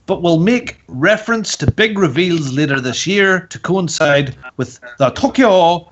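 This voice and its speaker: A man's voice: fairly high pitch, expressive, measured pace. A man hosting a podcast in casual chat, joking and teasing as he rambles through topics. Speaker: podcast host. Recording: dull lo-fi audio.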